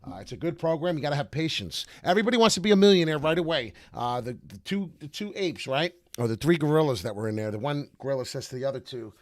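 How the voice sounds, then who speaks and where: A man's voice: fairly high pitch, expressive, quick pace, hardly any pauses, dry recording. A man streaming crypto chart talk in a brash, slangy, rambling way with many filler uhs. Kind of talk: casual live commentary.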